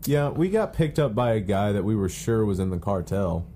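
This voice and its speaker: Low mellow dude on a podcast, dry teasing jokes, some cussing, faint hiss behind. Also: male voice, big pitch swings, normal speed. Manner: dry teasing humor, swears casually. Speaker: podcast co-host. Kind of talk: casual chat.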